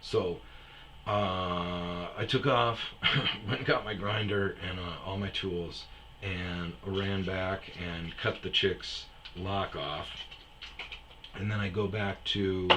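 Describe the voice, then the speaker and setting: A man telling a casual story, profane and animated, acting out the people in it. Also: low voice, slow, background noise. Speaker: storyteller host.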